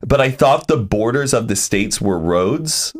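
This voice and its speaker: A man co-hosting a podcast, recalling childhood misunderstandings in a halting, casual way. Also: medium pitch, lively intonation. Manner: halting, hesitant, with fillers. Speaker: podcast co-host. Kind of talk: casual chat.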